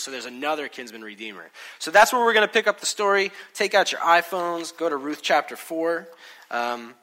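Man in his 30s, pastor, casual storytelling sermon, bright forceful tone. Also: on the high side, sing-song, a little fast. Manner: conversational, storytelling with acted-out quotes. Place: church hall with congregation.

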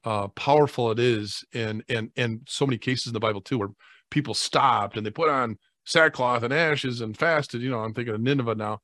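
A man, a priest, talking in a rambling, animated way with many fillers and restarts on a faith talk show. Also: medium pitch, fairly quick, no room sound, studio quality.

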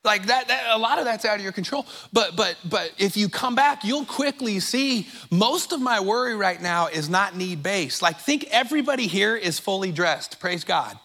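A man's voice: sits high, animated, moderate pace, few pauses, bright, forceful tone. A man preaching a sermon to his church in a conversational, emphatic way, a little out of breath from pacing the stage. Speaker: pastor. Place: church sanctuary.

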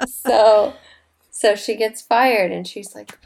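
A young woman in casual chat, retelling a film scene by scene with lively acted-out lines and casual swearing. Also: medium pitch, takes it slowly, gravelly. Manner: animated, acts out characters, swears freely.

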